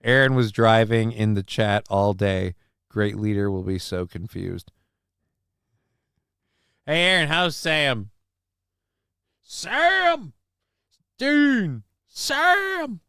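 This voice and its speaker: Male stream host, loose and profane, very smooth tone, dry recording. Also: fairly low pitch, animated, takes it slowly, pauses often, a bit bright, no room sound. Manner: joking, loose and profane, with lots of ums and uhs. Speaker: livestream show host. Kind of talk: casual livestream chat, reading the chat aloud.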